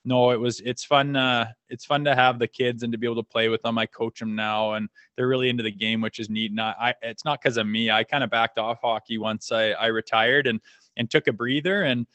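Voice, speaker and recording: A man's voice: medium pitch, steady tone, a little fast, a bit bright, dry recording. A laid-back middle-aged man from Canada telling stories in a casual, rambling way, laughing often and cursing freely. His voice sits in an ordinary middle register. The recording is close and dry, with no room sound. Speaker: podcast guest, former hockey player. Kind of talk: casual storytelling.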